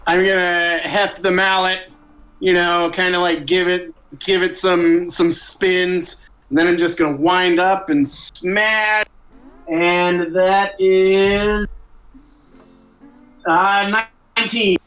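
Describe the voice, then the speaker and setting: A man playing a tabletop game, describing his actions in a relaxed, hedging way. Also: high voice, slow, soft background music. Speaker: player. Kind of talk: casual tabletop play.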